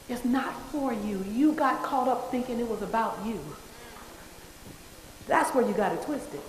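A woman's voice: fairly high pitch, a little hiss or hum. A woman giving a motivational speech to an audience, emphatic and repeating her key phrases for effect. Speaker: motivational speaker. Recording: echoey hall with long reverb.

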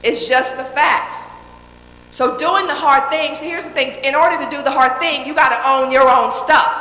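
Speaking to a live audience, a motivational speaker delivers her talk in a high, pushed, bright voice with fairly even intonation and a moderate pace. She is direct and emphatic, repeats key phrases, and checks in with the crowd, all within an echoey hall full of long reverb.

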